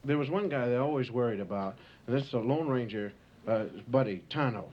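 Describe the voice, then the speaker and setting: A man's voice: medium pitch, a little fast. Rambling man telling stories on stage, muffled tape. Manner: loose, rambling, full of "you know". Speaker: stand-up comedian. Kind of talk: live stand-up storytelling. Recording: muffled home tape of a live show with audience and hiss. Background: audience laughter and tape hiss.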